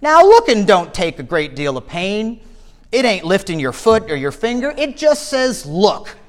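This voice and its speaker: A man's voice: high-pitched, huge pitch swings, unhurried, long reverb tail, heavily acted. A man voicing a thin, uneducated lay preacher with an Essex accent who talks in plain, ungrammatical country speech. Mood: earnest.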